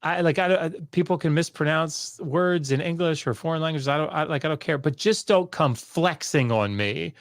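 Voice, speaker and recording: A man's voice: fairly high pitch, no echo, studio quality. Chatty man explaining with jokey asides. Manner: jokey, rambling, quick asides and self-corrections. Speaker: guest scholar. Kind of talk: casual explanatory chat.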